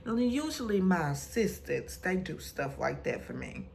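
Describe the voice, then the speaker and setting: Slow, animated woman recapping a show. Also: lowish voice, gravelly, slight background noise. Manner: animated storytelling, acts out quotes. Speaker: recap vlogger. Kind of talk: casual episode recap.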